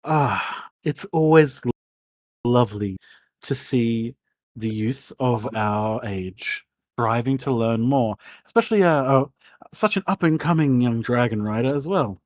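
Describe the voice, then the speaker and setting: A man voicing an excitable, effusive noble lady of a keep, high and fussing. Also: unhurried, no echo, natural voice. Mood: gracious.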